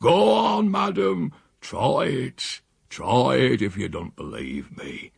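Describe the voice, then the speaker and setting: A man voicing an old, rough, easygoing gravedigger who talks back slyly and coaxingly while reading a story aloud. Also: mid-range voice, very animated, takes it slowly, dry recording, clean studio sound, pitched above the performer's own voice, heavily acted. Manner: sly, unbothered, coaxing.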